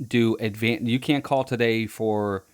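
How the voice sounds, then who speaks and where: Low-voiced man rambling as podcast co-host. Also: fairly even intonation, a little slow, clear, resonant tone. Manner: rambling, repeats and restarts phrases. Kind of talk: casual chat.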